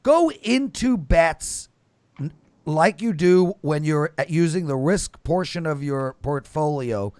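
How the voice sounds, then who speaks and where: A man's voice: fairly high pitch, animated, takes it slowly, dry recording. Emphatic male sports-betting host. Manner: emphatic, lecturing, swings between loud and mumbled. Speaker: show host. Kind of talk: casual betting panel talk.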